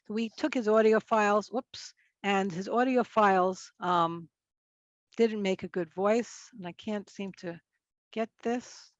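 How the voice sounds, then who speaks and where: A woman's voice: mid-range voice, gravelly, no room sound, highs cut off. A woman speech pathologist giving a conference presentation in a casual, chatty way, often restarting her sentences. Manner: casual, chatty, self-correcting.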